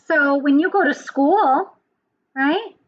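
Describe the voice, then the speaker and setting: A woman teacher telling a story to young children, animated and asking them questions. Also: high voice, takes it slowly, muffled recording.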